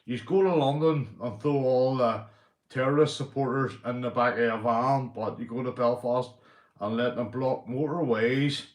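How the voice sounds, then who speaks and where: A Northern Irish man rants on a livestream, blunt and full of swearing, with a mid-pitched voice. The sound bounces around an echoey room. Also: normal speed. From Northern Ireland. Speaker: livestream host. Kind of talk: casual livestream rant.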